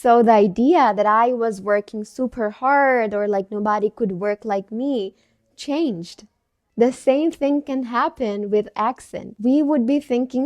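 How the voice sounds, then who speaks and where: A woman's voice: fairly high pitch, normal speed, darkish tone, dry recording. A young adult woman vlogger telling a personal story in an earnest, conversational, reflective way. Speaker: English-speaking vlogger.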